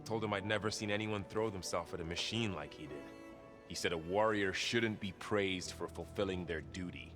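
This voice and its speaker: A man's voice: low-pitched, normal speed, lightly acted. An actor playing a loyal, friendly young male warrior in a video game, speaking in an easygoing way. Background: game music.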